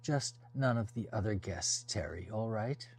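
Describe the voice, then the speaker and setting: A man reading an audiobook, voicing an elegant older woman hostess with a low, honeyed, purring voice. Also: a little slow, vocal fry, darkish tone, breathy edge, exaggerated voice. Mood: welcoming.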